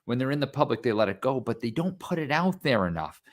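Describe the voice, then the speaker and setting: A man on a sports podcast, giving opinions in a halting way and repeating words as he thinks aloud. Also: mid-range voice, sing-song. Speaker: podcast co-host or guest. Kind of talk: casual sports podcast chat.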